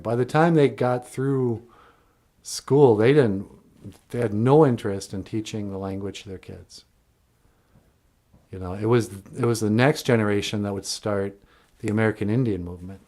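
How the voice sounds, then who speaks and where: A man's voice: on the low side, a little mellow. A man, a cartoonist and puppeteer, telling a comic story in a folksy, digressive way.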